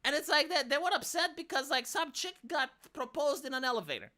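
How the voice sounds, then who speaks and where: A woman's voice: high voice, brisk. A woman with a Romanian accent, ranting in casual, profane commentary on a live stream. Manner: profane, exasperated, animated.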